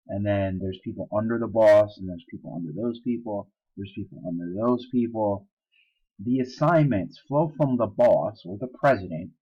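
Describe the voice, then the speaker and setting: Casual low-voiced male teacher. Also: highs cut off. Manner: casual, explanatory, with fillers and asides. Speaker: social studies teacher. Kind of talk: recorded lecture.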